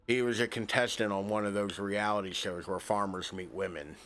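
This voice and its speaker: A man's voice: fairly low pitch, fairly even intonation, fairly quick, a bit bright. A man streaming a game, reading its text aloud and breaking off into joking, swearing asides.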